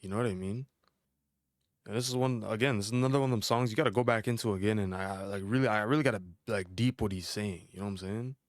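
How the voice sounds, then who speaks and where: A young man hosting a casual album reaction, chatty and animated, using slang and laughing often. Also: fairly low pitch, quick pace, no room sound, clean studio sound. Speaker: music reaction host.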